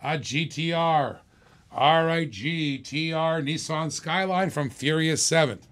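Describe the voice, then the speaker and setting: A man hosting a live-stream auction, pitching items in a hyped, repetitive salesman patter. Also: slow, fairly bright tone.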